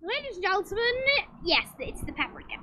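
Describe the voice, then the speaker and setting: A woman's voice: very high voice, sing-song, fairly quick, sharp tone, no echo, heavily acted, rough recording. A woman voicing a grandiose, theatrical announcer who hosts a deadly reaping and keeps getting flustered and restarting her sentences, in a comedic game role-play. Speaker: host of the reaping.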